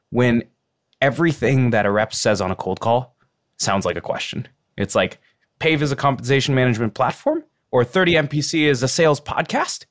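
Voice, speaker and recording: A male podcast host with a lively, swinging intonation. He asks pointed questions and drops into quick impressions of how reps talk to show the right and wrong way. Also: medium pitch. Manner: direct, mimics reps to make a point. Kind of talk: interview questions.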